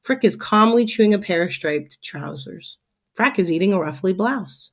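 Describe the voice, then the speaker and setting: A woman teacher reading a children's chapter book aloud for her class. Her storytelling is animated and expressive, in a mid-pitched voice. She leans into the lively moments of the story. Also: normal speed, slightly rough.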